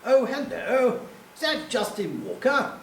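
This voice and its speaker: A man's voice: very high-pitched, sing-song, rapid-fire, pushed and bright, pitched above the performer's own voice, heavily acted. A man voicing a very posh upper-class English caller, polite and clipped in manner. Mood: polite urgent. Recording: echoey hall, distant mic, faint hum.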